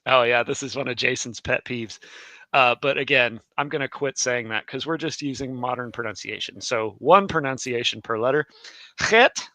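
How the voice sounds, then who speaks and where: A man's voice: mid-range voice, moderate pace, bright, forceful tone, no echo. A man teaching a live Hebrew alphabet lesson in a chatty way, correcting himself as he goes. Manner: chatty, self-correcting, laughs easily.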